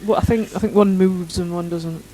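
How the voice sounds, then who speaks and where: A young woman co-hosting a casual chat podcast. She is giggly and sceptical, teasing her co-host as she talks. Her delivery is relaxed and unscripted. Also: lowish voice, moderate pace, over music.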